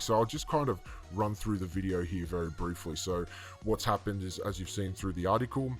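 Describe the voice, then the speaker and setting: Indignant man, low voice. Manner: indignant, rambling, with frequent fillers and restarts. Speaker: online commentator. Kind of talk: casual commentary on a video clip.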